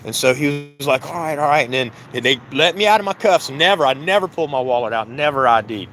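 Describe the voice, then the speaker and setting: A business owner talks to camera outdoors by a work trailer near a building, heatedly recounting how police stopped him at his work site. His mid-range voice is expressive, quick, and a bit bright, and he acts out both sides, repeating "I said." There's a little hiss or hum.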